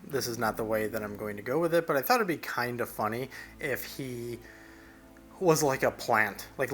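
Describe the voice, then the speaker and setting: A man's voice: medium pitch, fairly bright tone. A young man casually narrating over his digital painting, rambling loosely with plenty of fillers and restarts.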